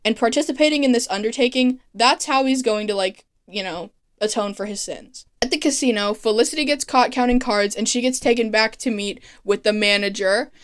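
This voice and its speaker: A woman talks through a TV season in a loose, chatty recap, full of swearing and sarcastic asides. Her voice sits a little high and comes across smooth and clear. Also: a little fast, hardly any pauses. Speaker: TV recap vlogger. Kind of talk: casual, profane recap commentary.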